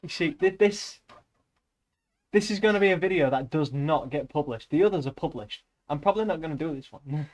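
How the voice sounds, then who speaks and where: A man's voice: on the high side, expressive, quick pace, darkish tone. A man reading a novel aloud on a live stream, breaking off often for rambling, joking asides to his chat.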